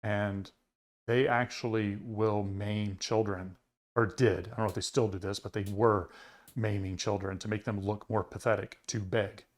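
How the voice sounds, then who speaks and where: A man's voice: fairly low pitch, flat delivery, normal speed. A man co-hosting a podcast, telling a travel story in casual chat with plenty of fillers and restarts. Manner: rambling storyteller with many fillers. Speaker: podcast co-host.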